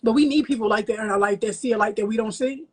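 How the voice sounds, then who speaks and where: A woman poet speaks as a guest in a casual interview, telling her story with lively self-mockery and often slipping into the voices of the people she quotes. Her voice sits high and has a breathy, husky grain. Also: quick pace.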